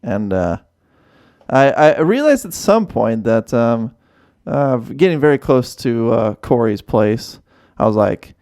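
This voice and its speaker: A man's voice: mid-range voice, big pitch swings, takes it slowly, a little mellow, no echo, clean studio sound. A man in his thirties co-hosting a podcast, telling an embarrassing story sheepishly and swearing now and then. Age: 30s. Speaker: podcast co-host. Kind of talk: casual storytelling chat.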